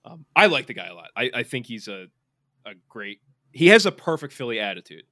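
Male podcast co-host, mid-pitched and loose, rambling sports banter, dry room. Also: big pitch swings, brisk, pushed and bright, no room sound. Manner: rambling, many fillers and restarts. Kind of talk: casual sports chat.

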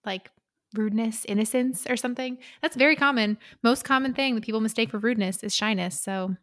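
A woman's voice: on the high side, brisk, a bit bright. A young woman co-hosting a podcast, talking in a wry, skeptical way and often laughing. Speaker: podcast co-host discussing romance novels. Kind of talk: casual chat.

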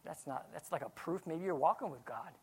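Man preaching an animated sermon. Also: a little high, fairly quick, husky. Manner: animated preaching, swings from quiet to loud. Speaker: pastor.

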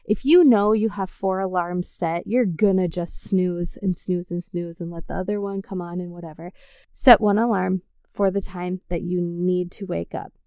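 An upbeat woman hosts her own podcast, speaking straight to her listeners in a friendly, encouraging way. Her voice is mellow and smooth, and it sits in an ordinary middle range. The recording is close and dry, with no room around it. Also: on the low side, fairly even intonation, moderate pace, no room sound. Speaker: podcast host. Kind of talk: casual solo podcast talk.

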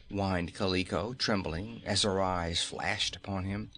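Unhurried man reading a storybook aloud. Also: sits low, fairly even intonation, bright, forceful tone. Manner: measured storytelling. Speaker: narrator. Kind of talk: audiobook narration.

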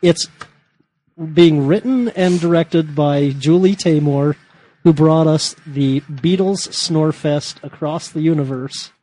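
A man's voice: on the high side, slow pace, mellow, rough recording. A man in a casual podcast chat, airing grumbling, opinionated critiques.

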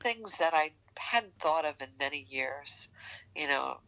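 Interview guest: New York woman, 60s, low gravelly voice, searching for words with lots of fillers. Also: lively intonation, unhurried, bright, forceful tone, poor audio. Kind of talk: casual interview conversation.

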